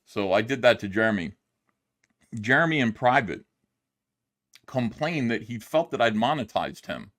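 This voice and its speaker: A middle-aged man holds forth on a casual livestream. He rants and swears freely, peppering his talk with fillers. His voice sits at a middling pitch for a man. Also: normal speed, long pauses. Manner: animated, profane ranting with frequent fillers. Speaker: streamer reacting to a video.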